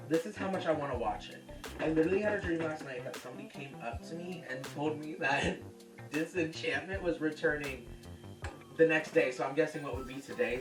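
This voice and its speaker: A cooking show host chatting casually and profanely in a home kitchen, projecting loudly toward a camera's built-in microphone. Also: medium pitch. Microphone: camera's built-in mic. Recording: echoey room, distant camera mic, music.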